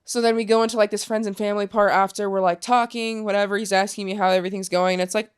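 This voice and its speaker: A young woman guest in a podcast studio, telling a personal story in a candid, casual voice. She talks loosely, fills gaps with "like" and swears freely, pitched in an ordinary middle range. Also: level tone, fast talker, clear, resonant tone. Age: young adult. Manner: casual, heavy use of filler "like", frequent swearing.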